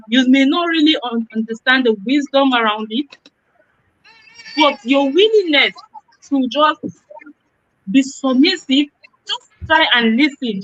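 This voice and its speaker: A woman guest speaker sharing a personal testimony in a halting way, often repeating words as she searches for them. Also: fairly high pitch, a bit bright, dull audio. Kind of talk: testimony in a live conference talk.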